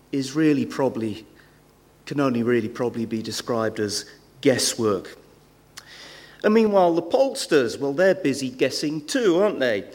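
A man preaching a sermon in a church, conversational, with rhetorical questions and frequent hesitations. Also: medium pitch. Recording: long hall reverb.

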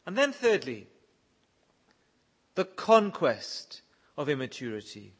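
A man's voice: fairly high pitch, huge pitch swings, takes it slowly, fairly bright tone, slightly rough. A man preaching a sermon, reading scripture verses aloud and pressing his listeners with earnest questions. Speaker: pastor.

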